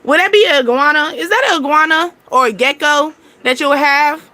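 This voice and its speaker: A woman giving a relaxed, talkative tarot reading. Her voice sits high and sounds bright. She rambles in an animated way and laughs easily. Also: a little fast. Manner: chatty, laughing, animated storytelling. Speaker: tarot reader. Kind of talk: casual tarot reading monologue.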